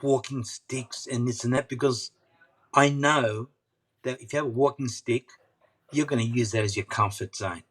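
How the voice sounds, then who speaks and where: A man's voice: mid-range voice, fairly even intonation, normal speed, breathy edge. A middle-aged man, an interview guest, telling a personal story earnestly and often repeating himself. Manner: earnest, persistent, repeats phrases.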